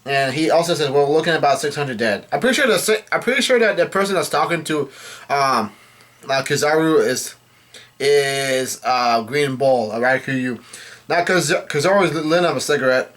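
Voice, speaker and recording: A man's voice: a little high, expressive, fairly bright tone. Man casually recapping a comic chapter. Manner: relays characters' lines in a plain reading voice; halting, self-correcting delivery. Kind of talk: casual chapter read-through.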